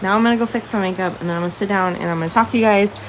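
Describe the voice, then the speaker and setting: A woman's voice: medium pitch, racing, a little hiss or hum, rough recording. Bubbly young woman, rain faintly behind. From Texas. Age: 20s. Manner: bubbly, chatty, drops to whispers when cozy. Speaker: podcast host, small shop owner. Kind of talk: casual vlog chat. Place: outdoors at home during a rainstorm, then indoors. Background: rain falling.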